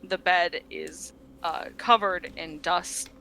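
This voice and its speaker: A woman's voice: fairly low pitch, steady tone, slow pace, creaky, pushed and bright, slight background noise. A woman narrating as game master, describing scenes with frequent ums and restarts.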